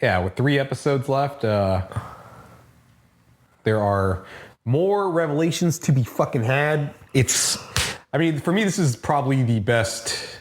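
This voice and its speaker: A man co-hosting a casual show review, chatty and relaxed, with hedging asides and the odd swear. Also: mid-range voice, unhurried. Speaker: podcast co-host.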